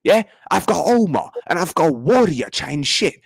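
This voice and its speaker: A man's voice: on the high side, sing-song, normal speed, gravelly, slightly rough, dry recording. A man hosting a live football reaction stream, ranting and swearing in heavy street slang. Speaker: host. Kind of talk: angry live match reaction.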